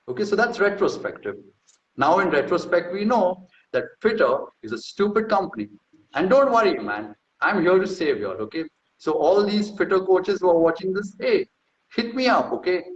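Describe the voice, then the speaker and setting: A man's voice: high voice, expressive, normal speed. Brash, profane man in an echoey room. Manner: brash, profane and mocking, boastful asides. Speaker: host. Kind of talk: casual talk reading through a research paper. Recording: echoey room, slightly dull sound.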